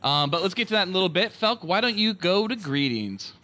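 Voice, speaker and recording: A man co-hosting a crude comedy podcast, teasing his friends in a deadpan, mock-serious way. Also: high-pitched, brisk, slight background noise. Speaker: podcast co-host.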